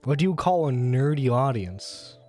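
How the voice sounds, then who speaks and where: A man's voice: medium pitch, expressive, normal speed, darkish tone, soft background music. A man hosting a casual gaming livestream, chatty and rambling while he plays. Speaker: streamer host.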